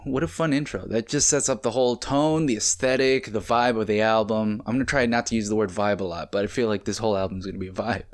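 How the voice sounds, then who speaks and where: A young man casually reacting to an album at home, rambling and excitable, swearing as he goes. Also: on the low side, fast, few pauses. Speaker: music reaction host. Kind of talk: casual music reaction commentary. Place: home, late at night. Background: faint music playing.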